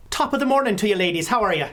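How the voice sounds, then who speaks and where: A woman voicing a brash, loud middle-aged male newspaper editor with an overly chummy manner. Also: mid-range voice, expressive, fast, close to an everyday voice. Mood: jovial.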